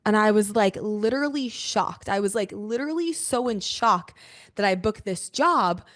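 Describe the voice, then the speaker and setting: Expressive young woman telling a story. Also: mid-range voice, moderate pace. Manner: expressive, swears freely, laughs often. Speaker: podcast host. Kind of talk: casual storytelling to listeners.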